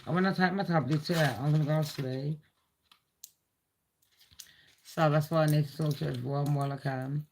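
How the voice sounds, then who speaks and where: A woman's voice: sits low, fairly even intonation, moderate pace, pauses often, darkish tone, a little hiss or hum. A woman hosting a live gossip stream, chatting in a blunt, rambling way with heavy swearing.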